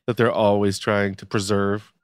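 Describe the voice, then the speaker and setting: A man's voice: lowish voice, normal speed, smooth, no room sound, studio quality. A man co-hosting a comedic chat show, ranting in mock outrage and joking around. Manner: animated, mock-outraged, jokey rants. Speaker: podcast co-host.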